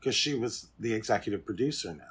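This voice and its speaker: A man with a husky, slightly rough voice co-hosting a casual podcast. He chimes in with dry, wry remarks and quick corrections. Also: fairly low pitch, expressive, a bit bright. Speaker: podcast co-host. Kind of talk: casual chat.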